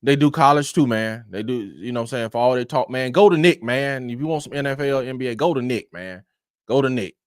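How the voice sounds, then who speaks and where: A man's voice: medium pitch, fairly quick, dry recording, studio quality. Slangy man hosting a podcast. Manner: easygoing, slangy, repeats "man". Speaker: sports podcast host. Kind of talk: casual sports podcast chat.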